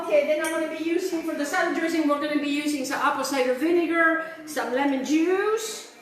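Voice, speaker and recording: A woman's voice: high voice, a little fast, roomy sound, a crowd in the background. A middle-aged woman hosting a home cooking show, chatty and enthusiastic, with many fillers and asides. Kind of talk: casual cooking demonstration. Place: home kitchen.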